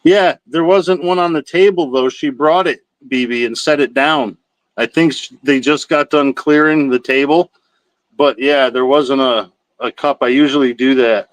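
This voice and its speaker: A man of middling pitch rambles through casual stories, dropping curse words as easily as fillers. He sounds close to the mic in a dry, deadened room. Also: normal speed, no room sound, rough recording. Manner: rambling, profane, laid-back storytelling. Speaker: livestream host. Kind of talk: casual chat with live chat.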